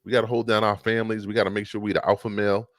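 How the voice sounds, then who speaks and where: A man's voice: on the low side, flat delivery, very fast, no room sound, studio quality. A man co-hosting a podcast in casual chat, brash and profane, joking and arguing. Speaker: podcast co-host.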